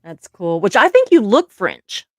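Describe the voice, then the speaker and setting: A woman's voice: mid-range voice, wildly swooping pitch, a little slow, a little mellow, no echo, clean studio sound. A woman with a Southern American accent hosting a casual live stream, reading viewer comments aloud and laughing often. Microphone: live stream mic.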